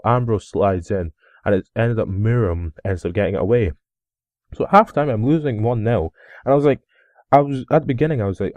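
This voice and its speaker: Young guy rambling through his football game recap, lowish dark voice, dry close sound. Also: dry recording. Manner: excitable, rambling recap with outbursts. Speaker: gaming video host. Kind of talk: casual gameplay commentary.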